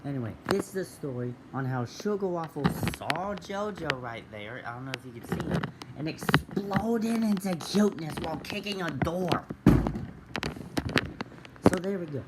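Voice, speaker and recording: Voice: mid-range voice, lively intonation, moderate pace, heavy background noise. Rambling silly storytime vlogger. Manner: silly, rambling, many fillers.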